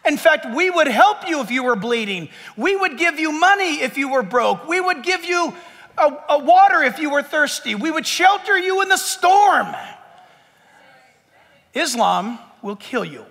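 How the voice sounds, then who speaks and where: A man's voice: very high-pitched, big pitch swings, a little slow, bright, forceful tone, in a large hall. A male pastor preaching an impassioned sermon to his church, full of emphatic rhetorical questions and jokes. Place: church sanctuary.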